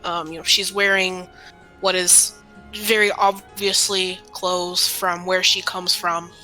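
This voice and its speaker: Bright-voiced woman playing a tabletop game. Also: lowish voice, little pitch movement, slow, faint music behind, low-quality recording. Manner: casual, describing her character's actions. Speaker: player. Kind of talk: tabletop role-play.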